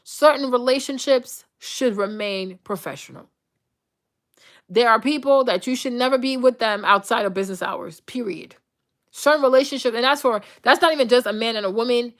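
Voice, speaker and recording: A woman's voice: on the high side, brisk. Blunt, profane woman ranting. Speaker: host. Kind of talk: uncensored casual rant to viewers.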